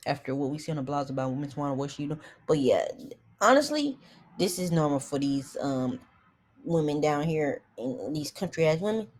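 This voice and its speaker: A woman's voice: low-pitched, lively intonation, moderate pace, darkish tone. A young woman recapping a reality show in blunt, profane, opinionated casual commentary.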